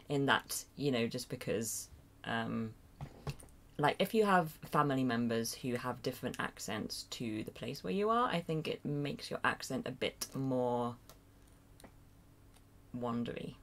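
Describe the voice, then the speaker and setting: Speaking with an extremely low, expressive voice at a measured pace, an English woman runs a casual home livestream at her computer. She reads out viewer comments and replies hesitantly and self-deprecatingly, rambling with lots of fillers and little chuckles. Her desk mic sits by a loud keyboard and picks up slight background noise.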